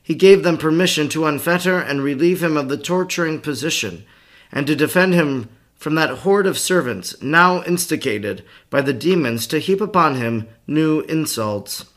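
A man reading a devotional text aloud as an audiobook narrator, with a steady, formal delivery. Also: on the high side, moderate pace.

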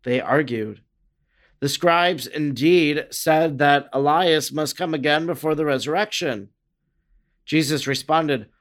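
A man reading a religious narrative aloud in a measured, earnest way, lifting his voice for the quoted speech. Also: fairly high pitch, a bit bright. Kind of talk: scripted narration of a religious text.

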